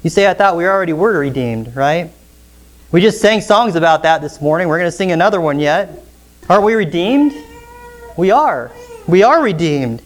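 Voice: mid-range voice, animated, normal speed. A pastor preaching an expository sermon in church, often asking the congregation rhetorical questions.

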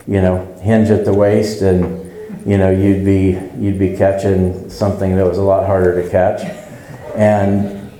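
A man's voice: fairly low pitch, warm tone, roomy sound, slight background noise, low-quality recording. A man preaching a conversational sermon at a church service, earnestly putting rhetorical questions to the congregation.

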